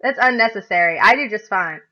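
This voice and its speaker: In an expressive, medium-pitched voice that runs a little fast, a woman co-hosts a relaxed podcast. She speaks animatedly and laughs while voicing what other players said, captured in dull lo-fi sound.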